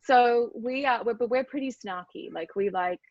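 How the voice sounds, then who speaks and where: A woman's voice: a little high, moderate pace, dry recording, muffled recording. A middle-aged Australian woman chatting enthusiastically as an interview guest, with frequent fillers. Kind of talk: casual conversation.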